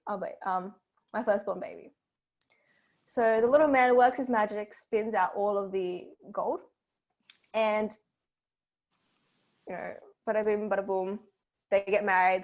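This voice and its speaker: Australian woman, tutor, fairly high voice, chatty storytelling, lots of "you know" and "right?". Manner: chatty, many fillers and rhetorical "right?". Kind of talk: retelling a fairy tale in a seminar.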